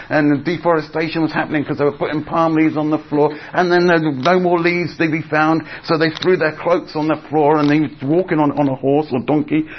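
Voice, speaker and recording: A man with a mid-range, slightly rough voice preaches in a relaxed, conversational style, taking on characters' voices as he retells stories. The recording sounds a bit dull, with faint noise in the background.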